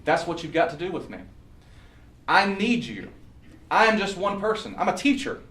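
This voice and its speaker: A man's voice: sits high, very animated, moderate pace, fairly bright tone. Man, campaign speech, earnest storytelling, echoey room, distant mic. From Southern US. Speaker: political candidate. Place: meeting room.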